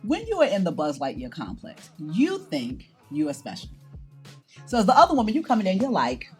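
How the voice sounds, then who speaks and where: Soft music plays behind a middle-aged woman from New York who speaks a little fast in a mid-range voice. Addressing the camera for a documentary, she recounts a personal story with theatrical flair, animatedly performing the other characters' voices.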